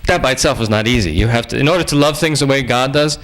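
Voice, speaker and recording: A man giving a humorous sermon-style lecture in a conversational, joking way with lively asides. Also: medium pitch, quick pace, low-quality recording.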